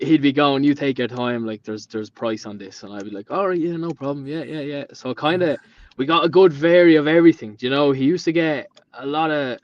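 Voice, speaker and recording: A man's voice: a little high, a little fast. A man in his late twenties with a Dublin Irish accent, a podcast guest telling rambling stories and acting out the things people said. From Ireland. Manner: rambling storyteller who acts out quoted dialogue. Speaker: podcast guest, painter and decorator. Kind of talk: casual chat. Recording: dull lo-fi sound.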